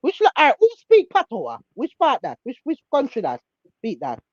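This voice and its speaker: Animated Jamaican woman hosting a chat. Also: high voice, moderate pace, dry recording. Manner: animated, questioning, patois-laced. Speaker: livestream host. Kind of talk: casual online chat. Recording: dull dry sound.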